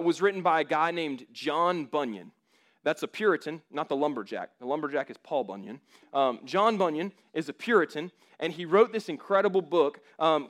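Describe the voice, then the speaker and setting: A man preaching a sermon in an informal, emphatic way, with frequent casual fillers. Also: on the high side. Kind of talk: conversational sermon.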